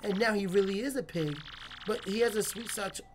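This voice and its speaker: A woman's voice: mid-range voice, a little fast, noisy background, lightly acted. A woman reading the lines of a distressed village shopkeeper whose husband was cursed, from a video game. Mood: distraught. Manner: reading game dialogue aloud. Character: upset village shopkeeper wife.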